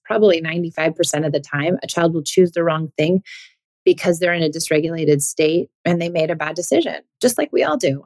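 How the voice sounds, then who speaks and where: A woman's voice: fairly low pitch, a little mellow, dry recording. A woman hosting a parenting podcast, talking it through earnestly and posing rhetorical questions to the listener. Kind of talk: reflective solo podcast talk.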